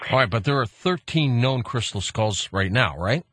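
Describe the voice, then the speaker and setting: A man's voice: mid-range voice, lively intonation, moderate pace, fairly bright tone, slightly rough. A male radio host interviewing a caller with short, curious questions.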